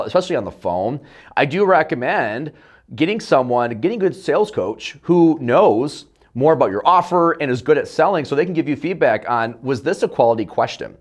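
A man teaching sales technique in an earnest, direct way. He acts out sample questions with a rising, curious inflection. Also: mid-range voice. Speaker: sales coach. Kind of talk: motivational teaching talk.

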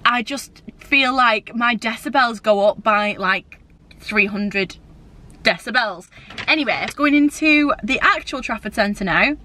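A young woman, chatting giddily to a handheld camera in a casual vlog, getting loud when excited. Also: a little high, measured pace. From England. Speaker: vlogger. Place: in a car and out and about at a shopping centre. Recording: noisy background with traffic.

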